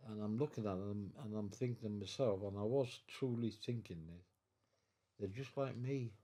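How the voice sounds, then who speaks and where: A very old man speaks in a low, dark, mellow voice. He tells his story haltingly, stumbling over and repeating words, and slips into the voices of the people in it. He sits at home in his living room. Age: 90s. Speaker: veteran guest. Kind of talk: storytelling in an interview.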